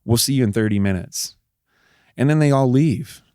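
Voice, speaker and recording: A man's voice: medium pitch, moderate pace, darkish tone, no room sound, clean studio sound. A middle-aged man from Texas, a guest in an interview, earnestly retelling an emotional family ordeal with many fillers. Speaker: guest, husband. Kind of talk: personal storytelling in an interview.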